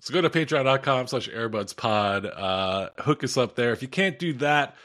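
Keep it easy and jokey, a guy hosting a podcast with friends, ordinary middle pitch. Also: expressive, normal speed, a bit bright. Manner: loose, joking, laughs through asides. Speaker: podcast co-host. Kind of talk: casual podcast banter.

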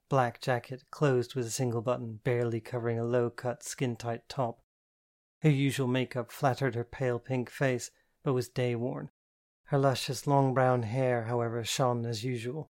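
A woman's voice: a bass voice, darkish tone. A woman narrating a first-person novel in a wry, fretful manner. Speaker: audiobook narrator.

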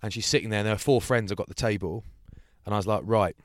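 Quick-paced and fairly low-pitched, this man co-hosting a podcast tells an animated story during casual talk, voicing the people who appear in it. It's a studio-quality recording without echo.

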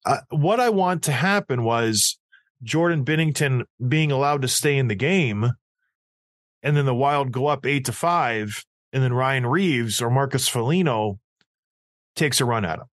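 A man's voice: mid-range voice, animated, a little slow, a bit bright, no room sound, studio quality. A man co-hosting a casual chat, blunt and emphatic with a mocking edge. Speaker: podcast co-host.

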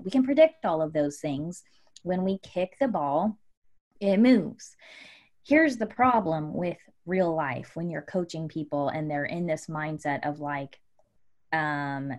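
A woman life coach explaining ideas to her guests with lively examples. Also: lowish voice. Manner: animated, teaching with examples.

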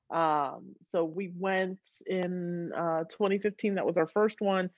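A woman in her thirties, a guest on a podcast, telling a story with lots of laughter and high excited squeals. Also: a little slow, few pauses, dry recording, dull audio. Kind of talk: casual storytelling.

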